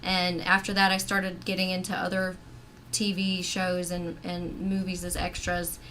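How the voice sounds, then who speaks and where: Bright sounding woman rambling on a video call, lots of um and kinda. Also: fairly low pitch, completely flat delivery, measured pace, a little hiss or hum. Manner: chatty, rambling with many hedging fillers. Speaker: actress and filmmaker guest. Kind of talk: casual chat.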